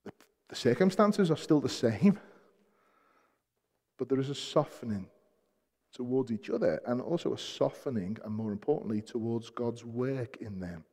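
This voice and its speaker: A man's voice: mid-range voice, animated, moderate pace. Man preaching in a reverberant hall. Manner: swings between soft hushed passages and loud emphatic peaks, repeats key phrases. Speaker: pastor. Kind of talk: sermon.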